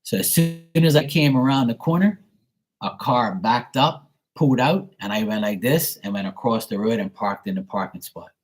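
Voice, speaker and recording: A man's voice: medium pitch, moderate pace, faint music behind, poor audio. A man hosting a tarot reading live stream, telling profane, chatty anecdotes. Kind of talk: casual live-stream storytelling.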